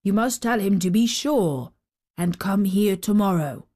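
A woman voicing a huge old male giant in a storybook reading, speaking slow, deep and weighty. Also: animated, dark tone. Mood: tender.

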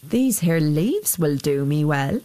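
A woman voicing a sly, smooth-talking soldier who wheedles and flatters. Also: low voice, slow, pitched below the performer's own voice, exaggerated voice. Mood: wheedling.

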